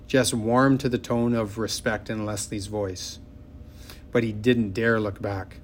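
A man narrating an audiobook in a measured, expressive way. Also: fairly low pitch, a little hiss or hum.

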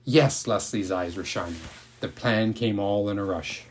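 A man narrating a novel aloud in a calm, measured storytelling manner. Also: lowish voice. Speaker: audiobook narrator.

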